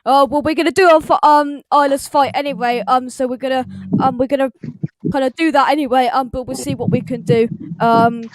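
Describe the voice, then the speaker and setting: High-pitched man, host, rambling, filler-heavy, dry sound. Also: fairly even intonation, a little fast, no echo, rough recording. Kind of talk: casual livestream chat.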